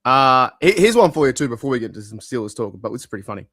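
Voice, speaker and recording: A man's voice: medium pitch, quick pace, no echo, clean studio sound. A man from Australia with an Australian accent, a podcast guest telling stories in casual, swearing chat. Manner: swearing, anecdotal, lively storytelling.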